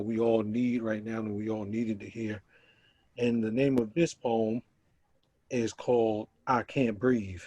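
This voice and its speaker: A man reciting a spoken word poem in a slow, rhythmic, emphatic way. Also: medium pitch, darkish tone, no room sound. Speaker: poet. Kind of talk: spoken word poetry reading.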